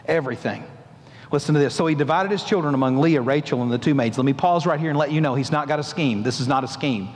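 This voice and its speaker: A man's voice: fairly high pitch, fast. Preaching man in a reverberant sanctuary. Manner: animated preaching, rising emphatic questions to the congregation. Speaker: pastor. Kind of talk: sermon. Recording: long hall reverb.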